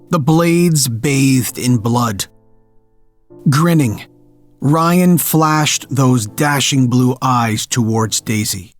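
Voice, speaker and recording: A man narrating a scripted horror story in a measured, darkly dramatic way. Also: medium pitch.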